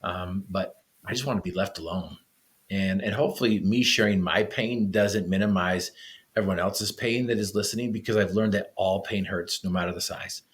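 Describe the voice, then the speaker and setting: A man's voice: low voice, moderate pace. Earnest man telling a personal story. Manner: earnest storyteller with frequent restarts. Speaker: podcast guest.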